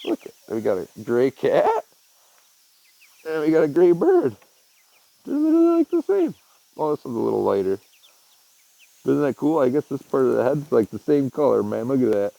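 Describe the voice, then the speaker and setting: A man's voice: mid-range voice, very animated, normal speed, gravelly, pauses often, warm tone, no echo, lo-fi sound. A young man vlogging casually outdoors in a rural backyard, talking into a handheld phone camera in a laid-back, rambling way full of fillers. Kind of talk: casual outdoor vlog talk.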